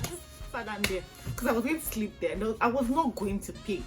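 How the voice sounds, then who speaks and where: A young Nigerian woman with a Nigerian accent, telling a storytime vlog in an animated, exasperated way with acted-out outbursts. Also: medium pitch, a little fast, hardly any pauses, over music. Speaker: vlogger.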